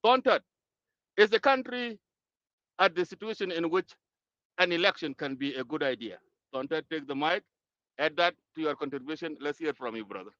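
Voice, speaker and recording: A man from Sudan, moderating an online audio-room discussion in a measured, hesitant way with many pauses and fillers. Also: a little high, animated, bright, forceful tone, dry recording, muffled recording. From South Sudan.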